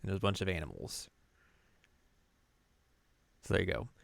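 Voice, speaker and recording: A man's voice: low-pitched, big pitch swings, moderate pace, creaky, no room sound. A man co-hosting a podcast in casual chat, laid-back and chatty, with dry asides and chuckles. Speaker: podcast co-host.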